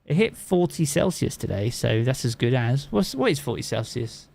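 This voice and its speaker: A man's voice: medium pitch, sing-song, normal speed, gravelly, darkish tone, slightly rough. A man from England with a Southern English accent, a game streamer chatting casually with his live chat and swearing freely.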